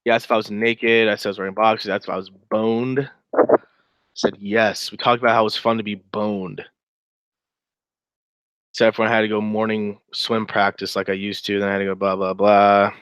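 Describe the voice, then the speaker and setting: A man's voice: on the low side, little pitch movement, normal speed, fairly bright tone, clear, resonant tone, dry recording, rough recording. A man giving casual, sarcastic commentary while reading through a chat log aloud, with wry asides.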